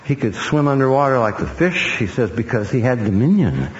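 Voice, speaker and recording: A man's voice: mid-range voice, sing-song, a little fast. A man preaching a sermon, emphatic and sometimes mocking in his repetition. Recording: echoey hall, dull sound with faint hiss.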